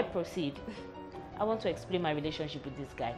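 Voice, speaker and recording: A young woman talks straight to camera in a candid vlog, wry and self-mocking, her pitch bouncing up and down as she goes. Faint music plays underneath her voice. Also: lively intonation, fairly quick. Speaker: vlog host.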